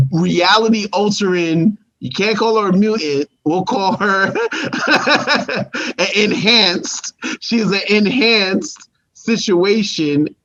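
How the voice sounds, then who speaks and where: A man's voice: high voice, a bit bright, lo-fi sound. A man co-hosting a casual review show who talks in an emphatic, slangy way. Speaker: podcast co-host.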